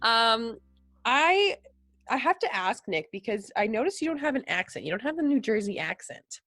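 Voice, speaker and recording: A woman's voice: on the high side, big pitch swings, moderate pace, a bit bright, no room sound, studio quality, soft background music. A woman with an Albertan Canadian accent hosting a casual chat over a video call, laughing often. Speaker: podcast host and musician.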